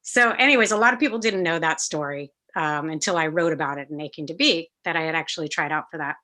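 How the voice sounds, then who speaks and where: A middle-aged woman speaking as an interview guest over a video call. She tells stories in a lively, casual way, acts out the other people in them and swears freely. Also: low-pitched, fast. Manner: animated, acts out quoted voices, swears casually. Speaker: guest musician.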